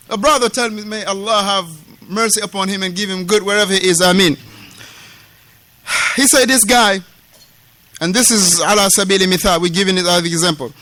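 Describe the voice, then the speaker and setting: In a dry recording, a man from West Africa with a high-sitting, sharp voice delivers a mosque lesson on a classical text. As an Islamic lecturer, he is emphatic, repeats key phrases, mixes Arabic terms into street slang, and acts out the dialogue he quotes.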